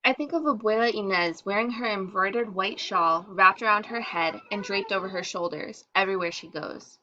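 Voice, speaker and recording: Reading a first-person story at normal speed, this woman takes on the other girls' lines for a moment, changing her pitch and volume to act them out. The audio sounds dull.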